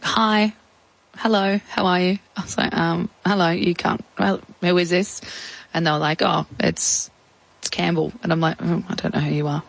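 An Australian woman who sounds about thirty-something shares her personal story as an interview guest, talking casually and reflectively and quoting a lot of speech. Her voice is low and creaky, and the recording quality is low.

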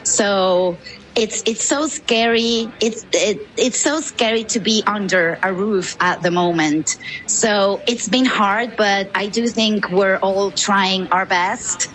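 A woman journalist from Venezuela speaks at a mid pitch. She answers in a measured, steady way, with an occasional soft "um" between her points. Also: poor audio. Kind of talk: interview answer.

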